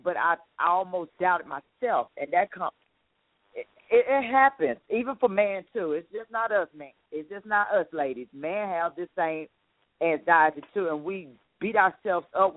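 A woman's voice: lowish voice, moderate pace, no echo. Woman radio host telling a story, chatty, sounds like an old phone line. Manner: conversational, storytelling, faith-minded. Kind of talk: radio talk show chat.

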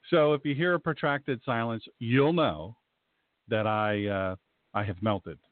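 A man's voice: mid-range voice, a little slow, no room sound. A man with a Southern accent hosting a faith and politics talk show in a folksy, rambling, fired-up way. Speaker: talk show host and pastor. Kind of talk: casual radio talk. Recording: tinny dry phone-line audio.

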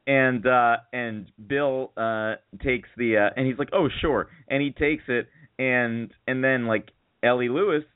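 A man's voice: medium pitch, a little slow, hardly any pauses, clean tone, no echo. A man hosting a comedy talk show, telling a story in casual chat and laughing as he goes. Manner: laughing storyteller, swears, lively delivery. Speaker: radio show host. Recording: dry phone-like audio.

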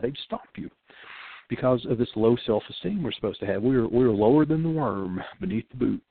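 A man's voice: mid-range voice, lively intonation, a little fast, vocal fry, slightly rough, no room sound. An older man, a pastor, giving an earnest sermon-style radio talk and repeating phrases for emphasis. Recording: phone-like dry line.

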